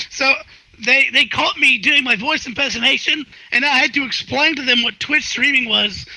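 Very high, bright-voiced young man rambling. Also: sing-song, measured pace, dry recording, poor audio. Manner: rambling storyteller, repeats words. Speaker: interview guest, streamer. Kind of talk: casual chat. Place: online virtual world session. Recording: faint music underneath.

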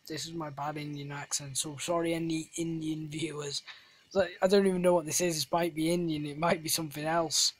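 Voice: mid-range voice, level tone, a little fast. A speaker giving casual, rambling gameplay commentary full of jokey, self-deprecating asides. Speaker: gamer, channel host.

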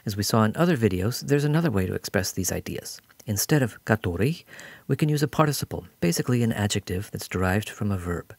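A man's voice: lowish voice, expressive, fast, vocal fry, dry recording. A man giving a patient, explanatory recorded grammar lesson as a language teacher.

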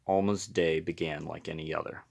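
A man reading a picture book aloud in a gentle, unhurried storytelling manner. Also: rumbling low, steady tone, vocal fry.

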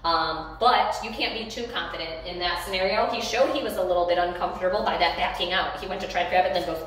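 A woman's voice: lowish voice, fast talker, hardly any pauses, fairly bright tone. A young woman dog trainer talks through her session in an upbeat, rambling way, full of ums and restarts. She sounds set back from the mic, and the room rings with heavy echo. A faint hiss sits under her voice. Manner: chatty, upbeat, loose with fillers and restarts. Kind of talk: casual instructional narration. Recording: roomy, distant phone or camera mic.

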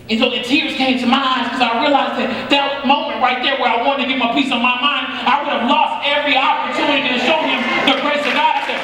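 A man's voice: extremely high pitch, steady tone, quick pace, a crowd in the background. Pastor guy preaching a story sermon, earnest, says things twice, big echo, far from the mic. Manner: earnest, repeats phrases for emphasis. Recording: echoey hall, mic far off.

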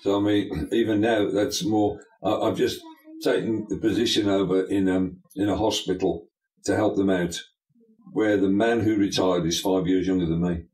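In a preacherly interview recorded in an echoey room, an older pastor and bishop speaks with emphasis and lots of folksy sayings. His low, darkish voice keeps a fairly even intonation at a moderate pace.

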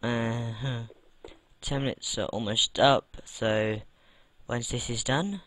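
Slow, rambling British gamer man. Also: mid-range voice, steady tone, a bit bright, no room sound. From United Kingdom. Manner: rambling, chatty, with mild swearing. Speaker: let's play gamer. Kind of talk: casual gameplay commentary.

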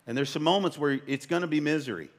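Animated fifty-something male pastor preaching. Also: quick pace. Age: 50s. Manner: animated, emphatic preaching with sudden high-pitched bursts; conversational, joking asides. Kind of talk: sermon.

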